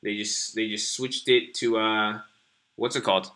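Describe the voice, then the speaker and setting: A man's voice: fairly low pitch, level tone, unhurried, sharp tone. A young man hosting a live stream, rambling casually and profanely as he talks to his viewers. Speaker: stream host.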